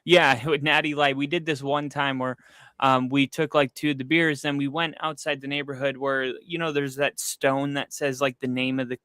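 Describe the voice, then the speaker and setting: A man co-hosting a podcast casually tells a long personal story, rambling and animated, with lots of fillers and asides. His voice is mid-range and smooth at a moderate pace. It's a dry recording from a close mic on a streaming setup.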